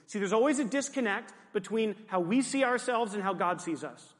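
A male pastor preaches a sermon emphatically, his voice fairly high for a man, with lively intonation and a fairly quick delivery with few pauses. He returns to his key phrases again and again. A long hall reverb trails every line.

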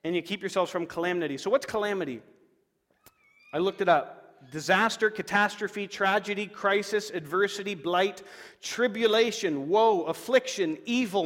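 A man preaching a sermon in an animated way, acting out inner voices and laughing now and then. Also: high-pitched, big-room sound. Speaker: pastor.

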